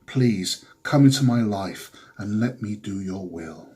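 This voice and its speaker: A man's voice: lowish voice, lively intonation, unhurried, mellow, breathy edge. A man playing a grandiose fake preacher with solemn, theatrical delivery in a comedy sketch. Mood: preachy.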